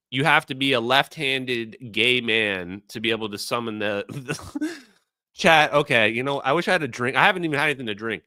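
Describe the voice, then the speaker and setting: A man hosting a livestream rants casually, exasperated and sarcastic, addressing his chat directly. His medium-pitched voice is pushed and bright, with clean studio sound and no room sound.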